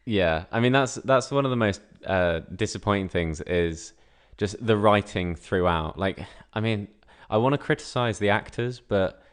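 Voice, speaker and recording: A young man co-hosting a casual podcast chat, reviewing a film with plenty of "like" fillers. His voice is very low, and he makes his points in a measured way. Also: clear, resonant tone. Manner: filler-heavy, uses lots of likes, measured critique. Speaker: podcast co-host.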